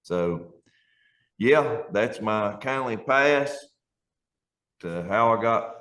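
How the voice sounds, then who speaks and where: Low-voiced earnest man. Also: animated, very slow, fairly bright tone. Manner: earnest, emotional storytelling. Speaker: pastor and band member. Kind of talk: personal testimony.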